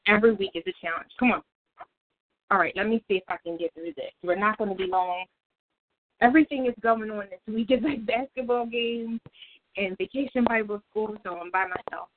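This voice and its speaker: A woman's voice: medium pitch, a little fast. A woman leading a casual Bible study on a prayer call, chatty and laughing easily. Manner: chatty, laughs often, self-interrupting. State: out of breath. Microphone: phone call. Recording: tinny phone line.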